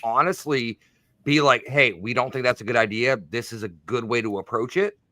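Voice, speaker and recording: A man in an easygoing, talkative chat, his voice bright and forward. It sounds dry, with no room around it. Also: mid-range voice, a little fast, no echo. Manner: easygoing storyteller. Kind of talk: casual chat.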